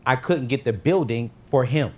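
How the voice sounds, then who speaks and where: A man's voice: mid-range voice, moderate pace. A man speaking as a guest, telling a personal faith story in a casual, slangy way and acting out his own quoted lines with big jumps in his voice. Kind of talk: animated storytelling testimony.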